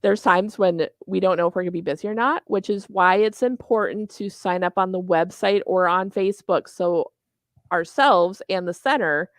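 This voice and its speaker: A woman's voice: fairly low pitch, normal speed, dry recording. A middle-aged woman from Minnesota with a Minnesota accent, chatting in an interview as a tournament organizer, talkative and self-deprecating. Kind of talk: casual interview chat.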